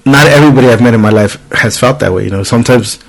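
A man's voice: mid-range voice, racing, creaky, low-quality recording. A man in his thirties hosting a podcast, telling a story in casual chat, swearing freely and acting out the people he quotes. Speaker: podcast host.

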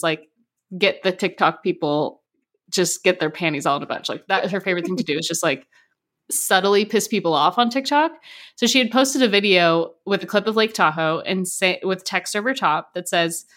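A young woman hosting a casual conversation about marketing. She tells stories in a lively way and acts out the voices of people she quotes. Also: mid-range voice, moderate pace. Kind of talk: casual chat.

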